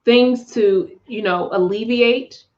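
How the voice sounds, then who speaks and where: A woman's voice: a little high, slow, lo-fi sound. A woman hosting a live tarot reading, talking in an effusive, emotional, spiritual way with frequent laughs and sighs.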